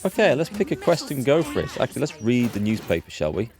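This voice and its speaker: A man's voice: medium pitch, sing-song, fast, music in the background. A man streaming a game live from indoors at home, chatting in an upbeat way and thinking aloud as he plays. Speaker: gaming streamer.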